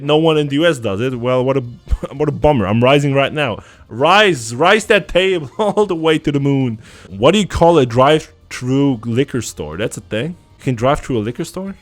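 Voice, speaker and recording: Young German-accented man, sarcastic streamer, animated delivery, faint music underneath. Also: medium pitch. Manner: sarcastic, profane, ranting banter. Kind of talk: casual reaction to an online quiz.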